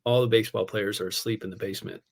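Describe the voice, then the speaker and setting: A man who is a pastor, telling a personal story in casual conversation. He is animated, laughs often and fills his speech with "like" and "man". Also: lowish voice, racing, vocal fry. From United States. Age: adult, a parent.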